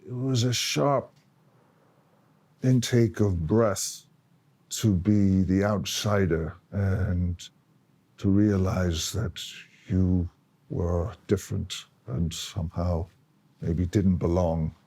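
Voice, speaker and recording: An older man with an Irish accent, slowly and reflectively telling about his childhood in an interview. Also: sits low, steady tone. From Ireland. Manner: slow, reflective, with soft laughs.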